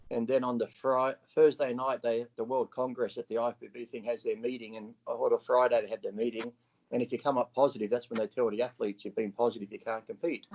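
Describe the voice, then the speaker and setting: A gravelly-voiced Australian man talks as an interview guest. He tells his story bluntly and profanely, slipping into the voices of people from it. The audio is muffled and lo-fi. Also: medium pitch, a little mellow. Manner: blunt and profane, acts out his own past dialogue.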